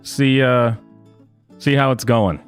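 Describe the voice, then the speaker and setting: A man's voice: mid-range voice, takes it slowly, faint music behind. Sarcastic man doing reaction commentary. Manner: sarcastic, laughs at the clip. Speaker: commentary channel host.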